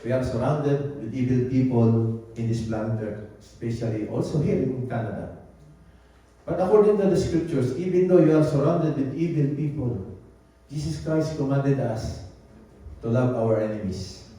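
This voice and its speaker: A pastor delivers a sermon in a very echoey church hall, heard from some distance away from the mic. His mid-range voice is mellow and dark, his pace moderate, and he repeats his points while mixing in phrases.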